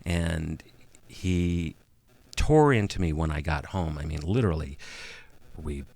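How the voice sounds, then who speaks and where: Deep gravelly middle-aged man. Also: a little mellow. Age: about 50. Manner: halting, with frequent pauses and restarts. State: emotional. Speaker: interview guest. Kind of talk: personal testimony in an interview.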